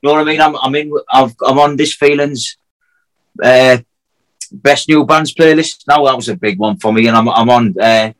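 A man's voice: medium pitch, a bit bright, rough recording. Swearing Hartlepool man. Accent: Hartlepool, North East England. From Hartlepool, England. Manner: swearing, fast, lots of fillers. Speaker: acoustic singer-songwriter guest. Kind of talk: casual chat.

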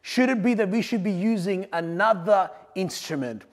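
A man delivers a sermon in a high, ringing voice, building to loud emphatic points and then dropping to quiet asides. His words trail off into the long reverb of a large hall. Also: normal speed. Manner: dynamic preaching, swings between loud emphasis and quiet asides. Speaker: pastor.

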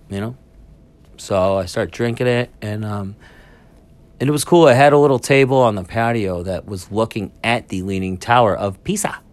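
A man casually rambling through a solo podcast story from a cruise ship cabin, swearing freely and getting sidetracked. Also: medium pitch. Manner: rambling, profane, easily sidetracked. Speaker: podcast host. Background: public announcements.

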